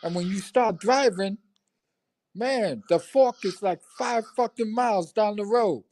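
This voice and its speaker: A man's voice: sits high, measured pace, darkish tone, no room sound. An older man from New York with a New York accent, telling stories in casual profane chat on a livestream. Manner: profane, storytelling, street talk. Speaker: livestream co-host.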